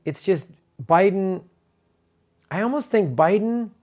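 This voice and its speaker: A man's voice: high voice, lively intonation, slow, darkish tone. A man who is a comedian, giving casual political commentary in a profane, exasperated rant full of stammered restarts.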